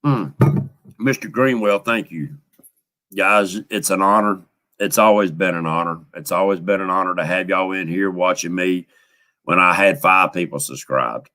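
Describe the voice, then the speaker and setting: A man's voice: sits low, normal speed, bright, forceful tone. A middle-aged man, hosting a live fishing stream and talking in a folksy, heartfelt way while thanking viewers by name. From United States. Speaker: fishing channel host. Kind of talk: casual live stream chat.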